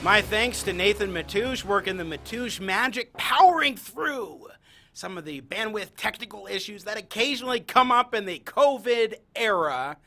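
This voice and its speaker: A man hosting his live talk show in a high, bright voice. He delivers each phrase with polished, emphatic broadcast energy. Light music plays faintly behind him. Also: expressive, moderate pace, vocal fry.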